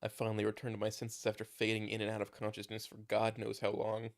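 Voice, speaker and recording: Casting note: a low-pitched male reader narrating a story casually, tripping over a word now and then. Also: monotone, fast talker. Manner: reads with small stumbles and restarts. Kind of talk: casual reading of a fan story.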